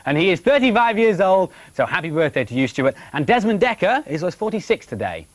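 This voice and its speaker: A man's voice: high voice, very animated, a little fast, dry recording. A man doing TV continuity announcing, chatty and jokey as he reads out viewer birthday messages.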